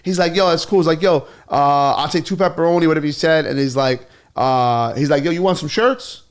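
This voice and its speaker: A man, a comedian, telling stories in a casual chat, animated and quick to laugh, swearing freely. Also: fairly high pitch. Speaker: comedian guest.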